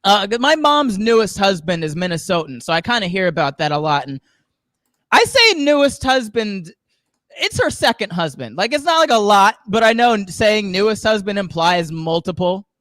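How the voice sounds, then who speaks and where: A man's voice: sits high, very animated, moderate pace, a bit bright, no echo, clean studio sound. A man from the Southern US doing a rambling stand-up comedy set, chuckling at his own jokes. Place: comedy show studio.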